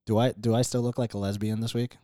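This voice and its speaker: A man's voice: lowish voice, flat delivery, fast talker, mellow, dry recording, clean studio sound. A young man co-hosting a podcast in casual chat, rambling in profane slang. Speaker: podcast co-host.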